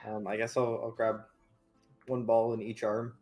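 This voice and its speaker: A man playing in a tabletop role-play game, talking in a low-key way. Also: little pitch movement, moderate pace, a little mellow, soft background music. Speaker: player.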